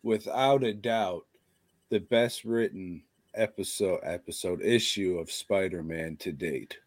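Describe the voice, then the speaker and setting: A man's voice: deep voice, a little slow, dry recording. A man co-hosting a casual podcast, ranting bluntly with constant swearing. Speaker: podcast co-host. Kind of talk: casual chat.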